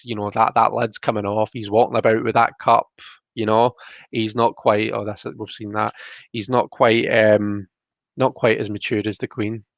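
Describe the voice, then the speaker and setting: A man hosting a casual live stream, reading tarot cards and chatting with viewers. He talks fast and tends to mumble. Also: fairly low pitch, no room sound. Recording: dry, dull lo-fi sound.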